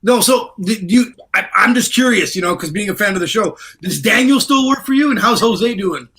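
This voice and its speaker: A man hosts a casual podcast interview, and his voice sits notably high for a man. He sounds enthusiastic and easily amused, and clear background noise runs under a noisy home podcast recording. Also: expressive, normal speed, sharp tone. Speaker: podcast host.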